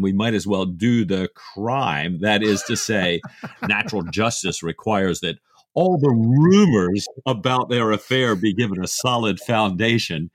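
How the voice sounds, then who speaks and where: Low-voiced man retelling a novel's plot. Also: a bit bright, no room sound, clean studio sound. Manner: amused, retells the plot with laughs. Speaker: podcast co-host. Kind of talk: casual book discussion.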